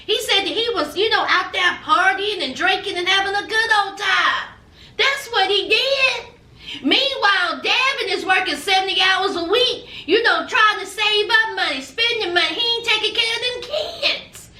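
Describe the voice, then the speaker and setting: A woman's voice: very high voice, lively intonation, normal speed, pushed and bright. A woman hosting a reality TV recap with sassy, gossipy commentary. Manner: sassy, gossipy, dramatic asides. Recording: echoey room, distance from mic.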